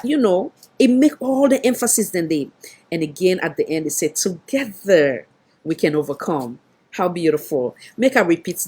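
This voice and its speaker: A woman's voice: lowish voice, a little mellow, slightly rough. A woman with a Sierra Leonean Krio accent hosting an online show, talking emphatically in casual Krio-mixed English. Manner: talkative, emphatic, repeats for effect.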